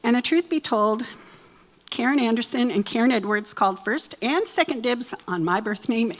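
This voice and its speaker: A woman's voice: on the high side, lively intonation, normal speed, a little hiss or hum. A woman in her sixties giving a chatty, self-deprecating, joking talk to a church women's group. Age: 60s. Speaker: women's Bible study speaker. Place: church hall.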